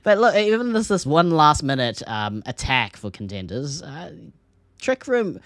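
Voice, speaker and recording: An Australian man co-hosting a casual esports podcast, excitable and laughing often, his pitch leaping up when something grabs him. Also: unhurried, no room sound. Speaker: podcast co-host.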